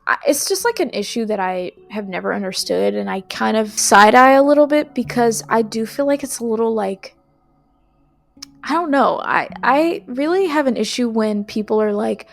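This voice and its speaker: A woman's voice: fairly high pitch, moderate pace, gravelly, faint music behind. A woman reviewing a video game in a casual, rambling way, full of fillers and restarts.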